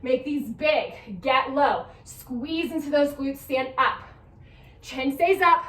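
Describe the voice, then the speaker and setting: Her voice is high and somewhat bright, and she talks slowly. This young woman is a fitness instructor coaching a class through a workout, counting down reps cheerfully while slightly out of breath. The mic is far away in an echoey room.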